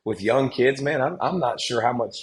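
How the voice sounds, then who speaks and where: Animated man telling stories. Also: mid-range voice, normal speed, poor audio. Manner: animated, emphatic storytelling with frequent restarts. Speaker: guest, former football player and analyst. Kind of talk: casual podcast conversation.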